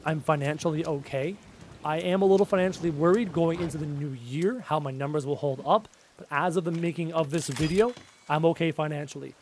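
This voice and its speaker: A man giving chatty live gameplay commentary, excitable and often yelping at enemies. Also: fairly high pitch, brisk, a little hiss or hum. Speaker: gaming YouTuber.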